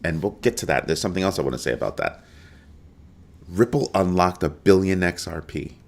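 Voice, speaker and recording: A man's voice: deep voice, lively intonation, fairly quick, gravelly. A man hosting a live crypto show, talking emphatically and animatedly to his viewers and greeting people in the chat. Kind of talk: live-stream commentary.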